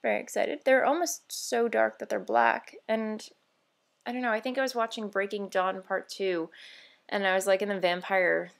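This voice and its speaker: On her knitting video podcast, a woman chats in a bubbly, excitable way, wandering off on tangents, using fillers and correcting herself in this casual show-and-tell vlog. Her gravelly voice is mid-range and moves at a moderate pace.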